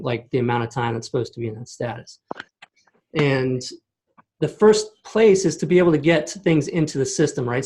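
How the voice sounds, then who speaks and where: A man giving a casual screen-share walkthrough of software on a video call, explaining step by step and checking in with "okay?" and "right?". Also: on the high side. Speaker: software demo host. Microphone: computer mic on a video call.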